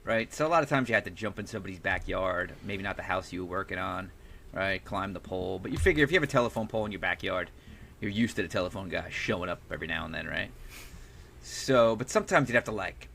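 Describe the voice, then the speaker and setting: A man's voice: low-pitched, lively intonation, quick pace, creaky, fairly bright tone, slight background noise. A man in casual chat telling a blunt, rambling anecdote and swearing freely.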